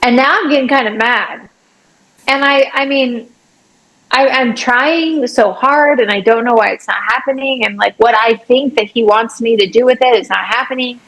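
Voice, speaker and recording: A middle-aged woman telling a faith story on a podcast. Her voice sits fairly high with a gravelly fry, and she gets animated as she acts out her own side of conversations with sudden jumps upward. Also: moderate pace, poor audio. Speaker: podcast guest, artist and obstacle-course athlete.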